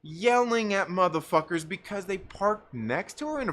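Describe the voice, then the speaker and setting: A man hosting a live stream, telling a profane, animated story in a casual rant with bursts of laughter. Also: sits high, moderate pace. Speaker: livestream host.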